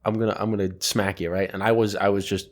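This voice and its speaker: A man's voice: lowish voice, little pitch movement, fast. A man co-hosting a podcast, telling rambling stories in casual chat and laughing often. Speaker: podcast co-host.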